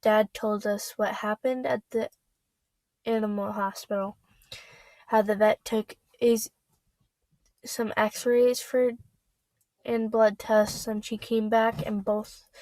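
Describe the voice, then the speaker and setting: A woman reading a novel aloud, halting and stumbling over words as she goes. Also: fairly high pitch, level tone, darkish tone, no room sound, poor audio. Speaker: reader.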